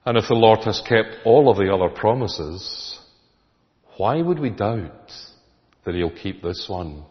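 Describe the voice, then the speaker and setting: Low-voiced male preacher in an echoey hall. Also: animated, a little slow. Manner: emphatic, rhetorical questions to the congregation. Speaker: pastor. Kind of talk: sermon. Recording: echoey hall, dull lo-fi sound.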